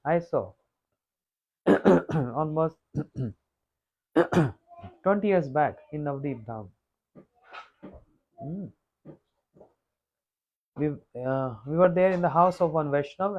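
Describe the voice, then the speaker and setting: A man telling a devotional story as a monk, unhurried and repetitive, often clearing his throat. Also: fairly high pitch, lo-fi sound. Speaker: monk giving a scripture talk. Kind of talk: sermon storytelling.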